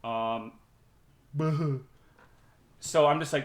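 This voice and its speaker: A man streaming live, telling a work story in a profane, animated and sarcastic way. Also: medium pitch, takes it slowly, pauses often, echoey room. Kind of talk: casual livestream storytelling.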